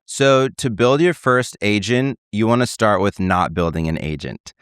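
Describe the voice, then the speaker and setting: Man, low voice, smooth and clear, dry close mic, animated casual explainer. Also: moderate pace, no room sound. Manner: animated, acts out dialogue in quotes.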